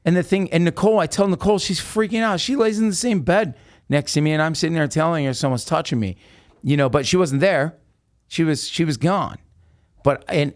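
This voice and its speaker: Male podcast guest, mid-pitched, animated storyteller, dry close sound. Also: no echo. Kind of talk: casual storytelling.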